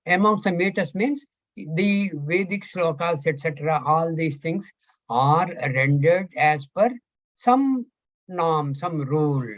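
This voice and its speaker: Older male scripture teacher, slow and searching, slightly high voice, dull lo-fi sound. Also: no echo. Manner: slow, thinking aloud, asks students questions. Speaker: Gita teacher. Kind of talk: scripture class. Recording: dull lo-fi recording.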